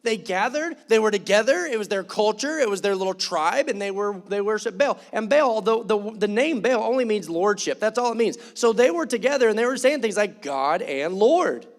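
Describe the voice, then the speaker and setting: A man's voice: high voice, lively intonation, fairly quick, few pauses. A man preaching in church, conversational and joking, acting out quoted voices. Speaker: pastor. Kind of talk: sermon.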